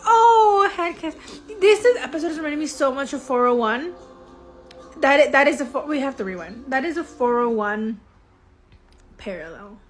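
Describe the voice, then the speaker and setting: A woman's voice: high voice, lively intonation, normal speed, long pauses, soft background music. A woman hosting a casual reaction video, chatty and emotional, swearing and laughing as she comments.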